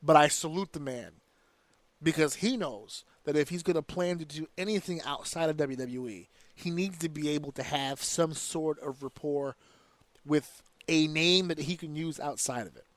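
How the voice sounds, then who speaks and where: A man's voice: a little high, normal speed, no room sound. Profane, ranting male podcast host. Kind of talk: casual podcast chat.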